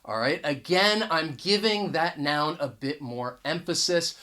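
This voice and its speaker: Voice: mid-range voice, unhurried, bright, forceful tone. An English teacher giving a casual video lesson to camera, talking in a conversational way, often restarting words and stressing the key points. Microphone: camera mic.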